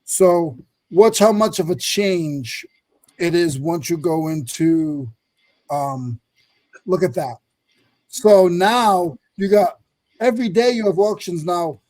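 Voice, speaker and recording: A man from North Carolina, a reseller, walking viewers through a website in a rambling, hurried screen-share chat. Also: sits high, darkish tone, no room sound. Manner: rambling, fast, self-correcting. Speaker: reseller sharing his screen on a live stream. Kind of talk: casual screen-share walkthrough.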